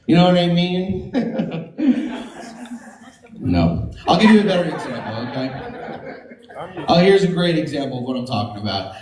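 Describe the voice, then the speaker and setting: A woman's voice: low voice, sing-song, a little slow, pauses often, darkish tone, roomy sound. A woman performing a stand-up comedy set on a comedy club stage, brash and profane, laughing through her own punchlines.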